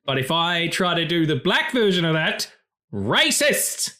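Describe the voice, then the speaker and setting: A man's voice: on the high side, lively intonation, normal speed, sharp tone. A man co-hosting a film podcast in casual chat, rambling and profane, jumping between tangents. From not from the co-host's country. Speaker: podcast co-host.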